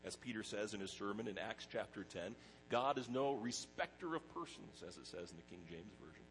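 A middle-aged pastor preaching a sermon in a conversational way, mixing personal stories with scripture. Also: male voice, lowish voice, expressive, brisk, a bit bright, a little hiss or hum, rough recording.

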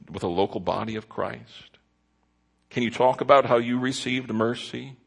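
Gravelly low-voiced man preaching. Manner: earnest preaching with repeated phrases. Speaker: pastor. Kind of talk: sermon.

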